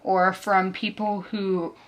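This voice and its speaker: A woman's voice: medium pitch, flat delivery, slow, dull audio. A woman, a bit out of breath, chatting and rambling casually in a book vlog. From South Carolina. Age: 20s. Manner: chatty and rambling, full of fillers. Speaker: book vlogger. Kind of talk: casual chat.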